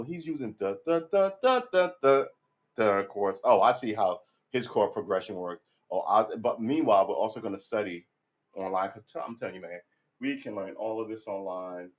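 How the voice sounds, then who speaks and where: Rambling, profane man on a livestream. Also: lowish voice. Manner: rambling, profane, gets loud and heated when ranting. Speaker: guitar practice livestreamer. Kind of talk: rambling casual livestream chat.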